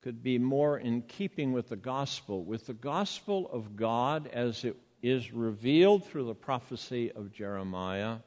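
A man's voice: medium pitch, lively intonation, a little slow, few pauses, a little mellow, long reverb tail. An older man with a Boston accent, a pastor preaching a sermon in a conversational storytelling way, with rhetorical questions.

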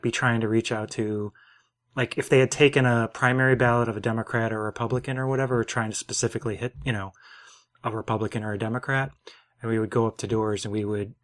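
A middle-aged man on a casual podcast, telling a rambling story full of fillers. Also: fairly low pitch. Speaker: podcast co-host.

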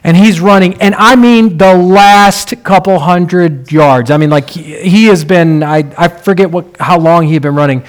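A preacher with a fairly high male voice tells stories conversationally during a sermon, then swells into emphatic, rallying lines. He keeps a moderate pace with few pauses.

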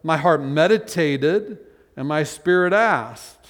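A male pastor preaching a conversational sermon, voicing drawn-out groans and sighs. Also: a little high, lively intonation. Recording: long hall reverb.

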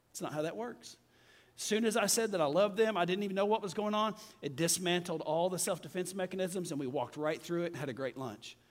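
A man preaching a sermon to a congregation, talking in a conversational way and calling out for amens. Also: high-pitched. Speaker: pastor. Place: church sanctuary with congregation. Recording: long hall reverb with faint music.

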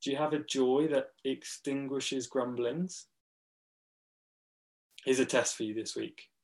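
A man preaching a sermon. He speaks earnestly and with emphasis, pausing between short phrases. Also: medium pitch, fairly even intonation.

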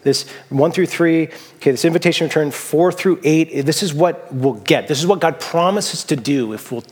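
A man from the Seattle area, a pastor giving a casual, story-filled sermon with relaxed fillers. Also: fairly high pitch, moderate pace, husky, in a large hall. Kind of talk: conversational sermon.

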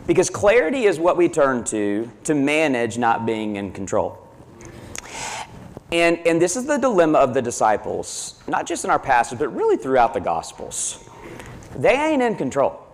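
Lively, conversational male pastor. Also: mid-range voice, moderate pace. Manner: animated, conversational, repeats himself. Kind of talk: sermon with personal storytelling.

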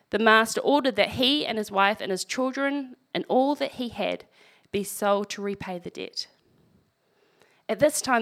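A woman's voice: fairly high pitch, fairly bright tone. Conversational woman preaching a sermon. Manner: conversational, wry asides while reading scripture.

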